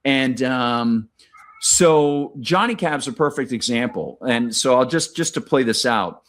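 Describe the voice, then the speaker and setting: A man's voice: mid-range voice, lively intonation, a little slow, fairly bright tone. A man hosting a casual podcast conversation, talking in long rambling stretches with many restarts and fillers. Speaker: podcast host.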